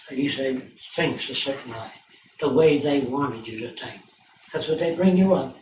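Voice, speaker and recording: An older man giving an informal public talk on tour, blunt, profane and sardonic. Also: a little high. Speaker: lecturer on tour. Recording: echoey hall from far off, noisy.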